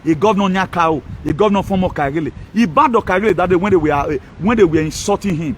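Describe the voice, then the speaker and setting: A Nigerian social media commentator rants in a political video monologue, his high voice moving fast over slight background noise and poor audio. He's scornful, combative and mocking, laughing frequently.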